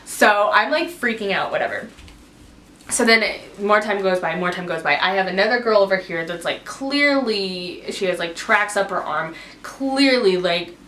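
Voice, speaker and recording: A young adult woman vlogger shares a casual storytime in an expressive, fairly bright mid-range voice at a moderate pace. Her emotional, rambling retelling is packed with "like," recorded in an echoey room with faint noise.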